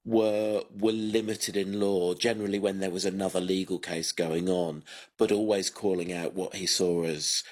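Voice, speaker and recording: A man's voice: sits low, fairly even intonation, normal speed. A man talking as a guest on a radio show in a casual, hesitant way, with many fillers and restarts. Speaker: radio guest, media publisher.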